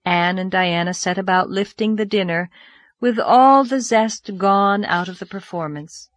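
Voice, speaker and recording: A woman narrating a classic novel aloud in a measured, expressive storytelling voice. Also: medium pitch, no echo. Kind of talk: audiobook narration.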